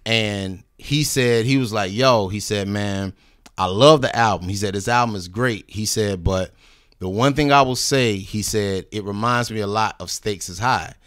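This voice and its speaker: A man's voice: fairly low pitch, moderate pace, fairly bright tone, smooth, dry recording, studio quality. A man casually telling a long story on a podcast, swearing freely, acting out the people he quotes and dropping "you know what I mean" asides. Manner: profane, laid-back, acts out quoted people. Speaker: recording artist guest.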